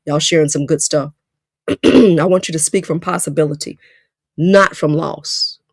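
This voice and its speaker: A woman's voice: deep voice, moderate pace, darkish tone, breathy edge, no echo. Emphatic, preachy woman coach, dry sound. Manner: preachy, emphatic, repeats phrases. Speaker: career coach. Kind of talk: live-stream coaching talk.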